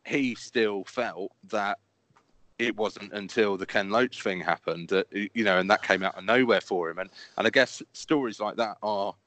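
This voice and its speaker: A man's voice: fairly low pitch, moderate pace, a bit bright. A man hosting a casual interview, musing thoughtfully and stumbling over repeated words. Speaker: podcast interviewer.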